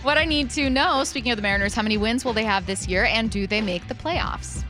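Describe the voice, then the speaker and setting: A woman's voice: on the high side, fast, a bit bright, soft background music. A woman hosting a sports radio show, chatty and upbeat.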